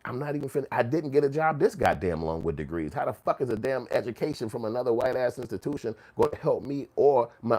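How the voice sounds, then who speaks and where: A fired-up man in a raw, swearing commentary rant. His voice sits at an ordinary middle pitch, and he talks emphatically, now and then slipping into mocking impressions of other people. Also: a little mellow. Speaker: channel host.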